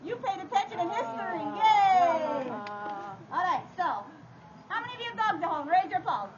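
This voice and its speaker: A woman with a very high voice hosts a live dog show on an outdoor faire stage, addressing the crowd in a playful, theatrical manner with big pitch swings and fast speech. The audio is dull and lo-fi, with clear background noise.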